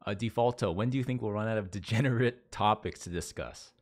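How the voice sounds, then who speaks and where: A man's voice: on the low side, fairly quick. Rambling, chatty man streaming live. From Las Vegas, USA. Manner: rambling and self-correcting, reads viewer messages aloud. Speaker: livestream host. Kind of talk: casual chat with a live audience.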